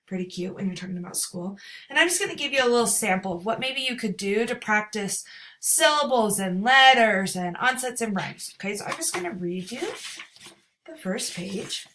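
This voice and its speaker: A woman's voice: fairly high pitch, pushed and bright. A woman in her thirties giving an upbeat lesson to parents, acting out letter sounds with exaggerated emphasis. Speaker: teacher. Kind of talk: instructional talk to parents.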